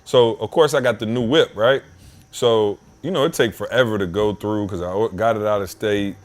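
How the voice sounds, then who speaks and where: Animated low-voiced man telling a story. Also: normal speed. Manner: animated, slangy, rises in pitch when worked up. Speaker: podcast host. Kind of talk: casual podcast storytelling. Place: home basement.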